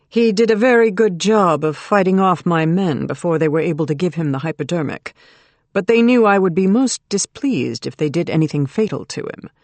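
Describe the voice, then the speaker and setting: Audiobook role: sneering male villain with soft threat, done by the narrator, dry studio sound. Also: mid-range voice, no echo, lightly acted. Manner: mocking, soft-spoken menace. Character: threatening male kidnapper, mocking and cold. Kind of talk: audiobook character reading.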